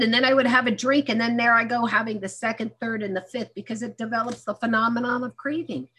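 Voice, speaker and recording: A woman's voice: a little high, steady tone, quick pace, hardly any pauses, fairly bright tone, slightly rough. A middle-aged woman candidly telling her own recovery story, mixing humor into a personal testimony.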